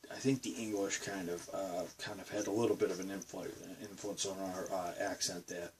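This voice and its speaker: A man in his twenties from Boston, with a Boston accent, talking casually on a vlog in a rambling, halting way full of fillers and restarts. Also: deep voice, little pitch movement. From Boston, Massachusetts. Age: 20s. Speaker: vlogger. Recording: distant mic with faint background noise.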